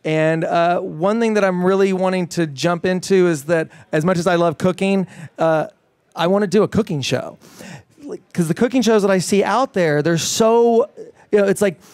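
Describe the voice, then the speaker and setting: A middle-aged man as the guest in a casual interview, talking with animated enthusiasm and many fillers and restarts. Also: high-pitched, moderate pace, no echo. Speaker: fitness trainer guest.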